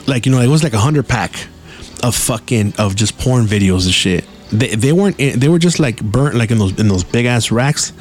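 A man's voice: medium pitch, animated, normal speed. A man, hosting a podcast and telling casual, profane stories with Spanish slang mixed in. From Mexican-American. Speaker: podcast host. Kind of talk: casual storytelling.

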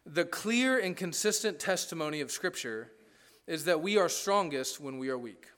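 A man with a high speaking voice delivers a sermon as pastor. His delivery is conversational yet emphatic, and he often checks in with the congregation. He builds each point through stacked parallel phrases. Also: animated, moderate pace, fairly bright tone.

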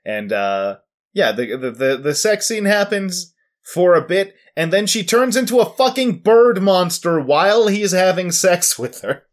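A man's voice: high-pitched, animated, measured pace. Laughing young man recapping an anime. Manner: rambling, laughing, many fillers and restarts. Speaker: podcast co-host. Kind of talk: casual recap of an anime episode.

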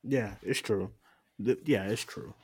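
A man's voice: lowish voice, a little slow, a little mellow, husky, no room sound, studio quality. A man co-hosting a podcast, talking in a loose, rambling way with lots of fillers and frequent laughs. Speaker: podcast co-host. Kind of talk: casual chat review.

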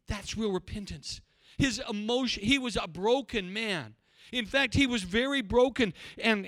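A man's voice: high-pitched, a bit bright, no echo. A middle-aged man preaching a sermon as pastor, telling folksy stories and building to fervent exhortation. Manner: preaching with rising fervor, folksy storytelling asides.

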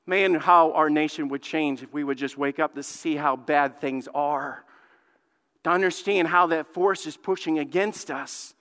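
Male pastor preaching, fervent, goes from hushed to loud, bright clear voice, big hall echo. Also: a little high, unhurried. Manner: fervent, swings from hushed pleading to loud outbursts; repeats words when building a point. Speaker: lead pastor. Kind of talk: sermon. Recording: long hall reverb.

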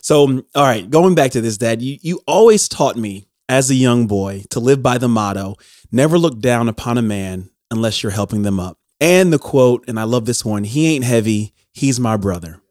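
A man's voice: medium pitch, expressive, normal speed, a little mellow, no echo, clean studio sound. A man hosting a podcast, upbeat and affectionate, laughing easily while he talks with his guest. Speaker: podcast host. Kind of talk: casual podcast interview.

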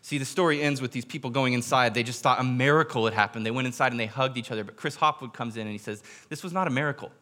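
A man, a pastor giving a sermon, retelling a story in a storytelling manner, going quiet for quoted lines and slowing down for emphasis. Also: mid-range voice, fairly even intonation. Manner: drops quiet for quoted speech, slows for emphasis.

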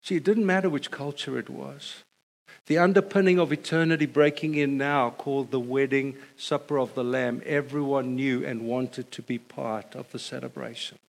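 A middle-aged man preaching a sermon, telling stories with animated delivery and building to a repeated refrain. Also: mid-range voice, moderate pace, vocal fry. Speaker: pastor.

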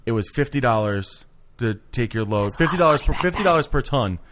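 This is a man in relaxed podcast banter, laughing often and swearing freely. He tells stories loosely, restarting sentences as he goes. His voice sits at an ordinary middle pitch. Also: brisk. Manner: laughing, profane, storytelling. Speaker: podcast co-host. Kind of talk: casual chat.

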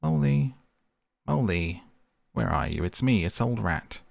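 A man's voice: deep voice, moderate pace, gravelly, darkish tone, slightly rough, no room sound, clean studio sound, heavily acted. A man voicing a brave, good-natured water rat who speaks in a reassuring, hearty way. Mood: calling.

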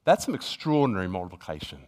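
A man's voice: sits low, sing-song, fast, darkish tone. Earnest man preaching a sermon. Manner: earnest, building to emphatic peaks, with frequent restarts; reads scripture aloud within the talk.

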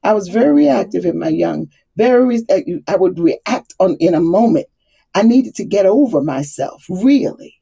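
A middle-aged woman talks through scripture and stories from her own life in a casual, animated way. She breaks into laughter often and acts out the people she quotes. Her voice is husky and mellow. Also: medium pitch, normal speed. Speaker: Bible study speaker. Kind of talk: casual faith talk.

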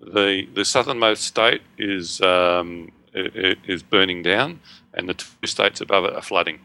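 Deep, gravelly Australian man, jokey. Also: unhurried, pushed and bright, slight background noise. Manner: jokey, chatty, self-deprecating. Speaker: podcast co-host. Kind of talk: casual podcast chat and reading listener mail.

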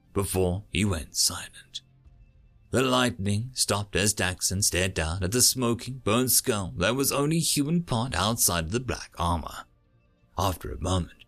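Slow, gravelly male storyteller. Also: lowish voice, fairly bright tone. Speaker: story narrator. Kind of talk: audiobook narration.

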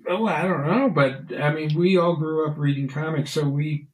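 A man's voice: on the high side, normal speed, poor audio. A man who makes online comics, reflecting casually on comic strips. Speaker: podcast co-host, online comic artist. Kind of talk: casual chat about comics.

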